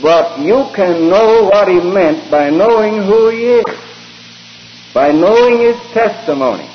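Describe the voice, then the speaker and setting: A man preaching a sermon in a church, slow and emphatic, with hesitant fillers between drawn-out phrases. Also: high-pitched, expressive. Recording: lo-fi hall recording with faint hiss.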